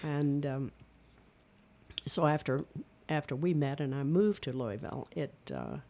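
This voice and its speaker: An older woman from Eastern Kentucky with a regional accent, a retired speech and theater teacher telling stories in a relaxed interview and acting out voices as she goes. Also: low voice, a little slow, creaky. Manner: animated storyteller, demonstrates voices. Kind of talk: casual interview chat.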